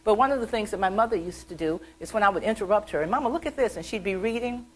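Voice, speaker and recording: A middle-aged woman from the American South, an author telling animated stories about her childhood at a library event. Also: medium pitch, fast, a little hiss or hum, rough recording. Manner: chatty, animated, acts out childhood quotes. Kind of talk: storytelling talk.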